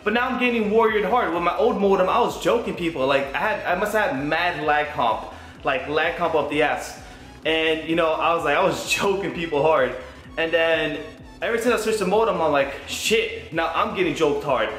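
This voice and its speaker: Excitable young man in an echoey room. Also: on the high side, moderate pace, soft background music. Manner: excitable, swearing, rambling. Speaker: gaming YouTuber. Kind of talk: casual vlog update. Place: home room.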